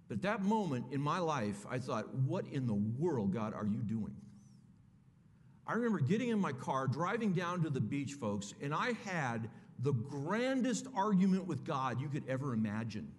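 A man's voice: on the high side, slight background noise. A middle-aged man preaching, telling a personal story in a conversational way and calling his listeners folks. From California. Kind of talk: sermon storytelling. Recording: echoey hall.

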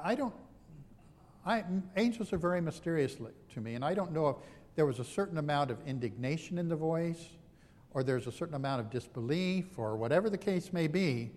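A man's voice: fairly high pitch, a little mellow, big-room sound. A man preaching a sermon in a conversational, self-deprecating storytelling manner.

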